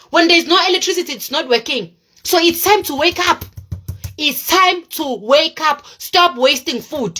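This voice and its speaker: Brief: South African woman, Zulu accent, animated and preachy livestream talker, voice sits a little high. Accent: South African, Zulu-speaking. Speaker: vlogger, small businesswoman. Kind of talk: casual livestream chat.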